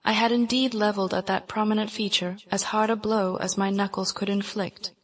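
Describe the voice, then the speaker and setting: A woman narrating a classic novel in the first person, reading in a measured, even way. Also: mid-range voice. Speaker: audiobook narrator. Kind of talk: scripted narration.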